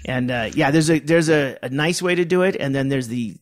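A man's voice: medium pitch, brisk. A man chatting on a podcast, self-deprecating and loose, often restarting his sentences. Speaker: podcast co-host. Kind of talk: casual chat.

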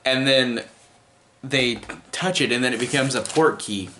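A man's voice: mid-range voice, a little slow, pushed and bright, a little hiss or hum. A man giving a casual, rambling film review, full of fillers and restarts.

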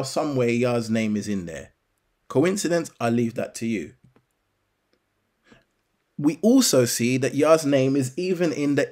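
Slow, deliberate man teaching scripture. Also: medium pitch, a little mellow. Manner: deliberate, rhetorical questions to the listener. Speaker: bible teacher.

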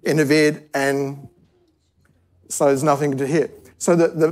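A man's voice: on the high side, level tone, a little slow, darkish tone. A man preaching a sermon to a church service, telling a parable in an easygoing, conversational way and often restarting his sentences. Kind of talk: sermon teaching.

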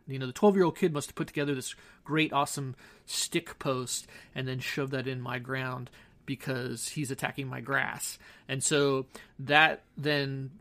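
Gravelly-voiced man telling rambling stories. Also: mid-range voice, fairly bright tone. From Southern California. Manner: rambling, self-interrupting, wry asides. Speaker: podcast host. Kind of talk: casual storytelling monologue. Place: home studio. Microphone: studio microphone.

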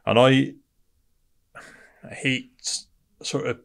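A man's voice: mid-range voice, steady tone, very slow, gravelly. A man from Britain, a podcast guest telling his story bluntly and candidly, swearing often and calling the host mate.

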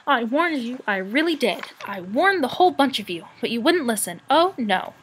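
A cross little female rat, put on by a woman reading a storybook, hissing and grumbling in a raised, squeaky voice. She sounds anxious and peevish, with a lively up-and-down delivery. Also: normal speed, poor audio. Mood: agitated.

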